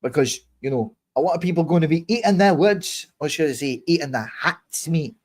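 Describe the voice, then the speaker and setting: A man's voice: a little high, lively intonation, fairly quick. Boastful man, put-on Scottish accent, swearing, rambling to camera. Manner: boastful, swearing, self-assured. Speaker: YouTuber. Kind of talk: rambling casual monologue.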